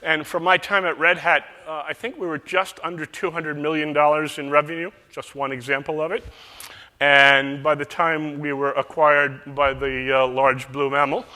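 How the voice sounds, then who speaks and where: Bright-voiced man speaking in a hall. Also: on the high side, little pitch movement, moderate pace. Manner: folksy storytelling with metaphors. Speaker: keynote speaker. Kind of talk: conference keynote speech. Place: large conference hall. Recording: echoey large hall.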